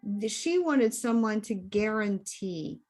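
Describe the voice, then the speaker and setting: Woman co-host, steady and explanatory, mid pitch. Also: takes it slowly, faint music behind. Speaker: hypnosis practitioner and co-host. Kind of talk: candid chat.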